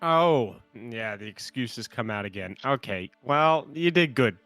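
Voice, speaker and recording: A man's voice: medium pitch, lively intonation, unhurried, a bit bright, no room sound, faint music behind. A man playing a tabletop game, teasing and firing questions with stammers. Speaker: player. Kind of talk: casual game chat.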